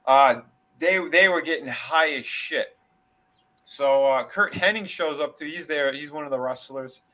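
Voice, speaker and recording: A man's voice: a little high, measured pace, pushed and bright, low-quality recording. A man casually retelling a backstage story on a wrestling discussion podcast, swearing freely and slipping into quoted voices. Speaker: podcast co-host.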